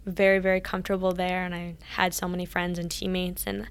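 With a lowish, clear, resonant voice and a completely flat delivery, a woman speaks a little fast as an interview guest. She earnestly recounts her time as a college athlete in casual storytelling, often acting out old conversations.

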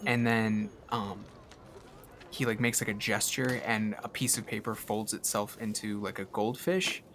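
A man's voice: on the low side, fairly even intonation, measured pace, background noise. A man narrating as game master in a tabletop game, rambling casually with many fillers.

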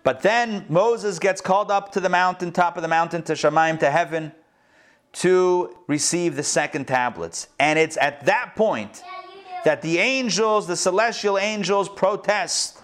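Guy teaching a torah class online, fairly high voice, jokey and lively, drops in hebrew words. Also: measured pace. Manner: lively and humorous, mixing in Hebrew terms. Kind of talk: online Bible class with screen sharing.

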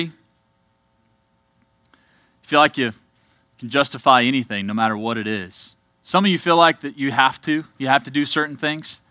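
A man preaching to a congregation, telling his own story with earnest emphasis and quiet asides. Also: mid-range voice, no room sound. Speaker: church speaker giving a testimony. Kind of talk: testimony sermon.

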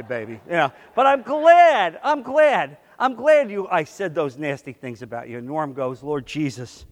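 High-voiced preacher in a reverberant hall. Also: male voice. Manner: emphatic, swings between loud bursts and soft asides. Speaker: pastor. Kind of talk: sermon.

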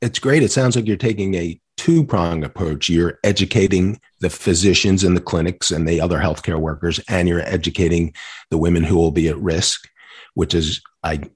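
A man hosting a podcast, asking questions in a measured way and reading out details clearly. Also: low voice. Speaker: podcast host. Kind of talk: podcast interviewing.

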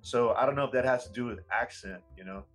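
A man's voice: mid-range voice, fast talker, faint music behind, poor audio. Man, rambling casual talk. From United States. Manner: rambling, frequent "you know" fillers. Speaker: English teacher. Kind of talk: casual conversation.

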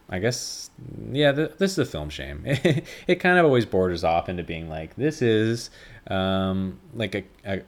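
A man hosting a casual solo podcast, rambling with lots of fillers and swearing freely. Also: sits low. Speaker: podcast host.

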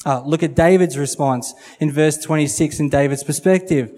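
A man's voice: fairly high pitch, moderate pace, dark tone. A man preaching a sermon, acting out quotes and repeating phrases for emphasis.

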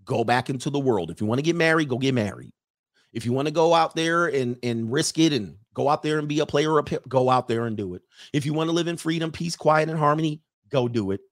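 A man's voice: a little high, brisk. A man hosting a livestream show, giving a mocking, profane monologue full of repeated rhetorical questions.

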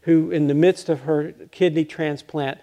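An older male pastor preaching a conversational, self-deprecating sermon, halting and restarting with light chuckles. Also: a little high, steady tone, warm tone.

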